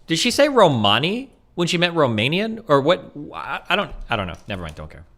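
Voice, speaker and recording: A man's voice: fairly high pitch, huge pitch swings, fairly quick, a bit bright. A man hosting a reaction video, commenting on a clip with sarcastic, argumentative asides.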